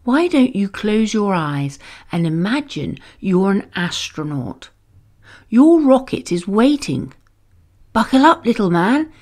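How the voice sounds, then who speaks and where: Woman reading a soft coaxing dad at bedtime, slow, sing-song. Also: mid-range voice, very animated. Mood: encouraging. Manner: coaxing, soothing. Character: gentle, playful father of a small boy.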